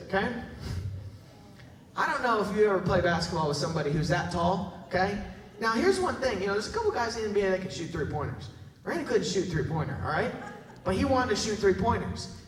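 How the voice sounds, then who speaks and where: High-voiced pastor in a roomy hall. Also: male voice, a little fast. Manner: animated, jokey, talks to the crowd with tag questions. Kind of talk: sermon with storytelling. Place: large church hall. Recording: roomy echo from a distance.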